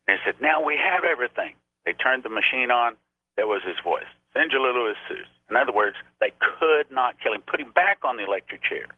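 A man's voice: mid-range voice, breathy edge, dry recording. A man preaching on a radio show, telling a story earnestly and raising his voice when he quotes people. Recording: tinny phone-line sound.

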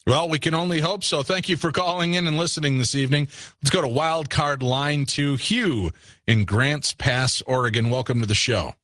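A man's voice: on the high side, a bit bright, no room sound. Patient male radio host, dry studio. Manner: measured, patient, with frequent fillers and restarts. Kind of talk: late-night call-in radio talk. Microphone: studio microphone.

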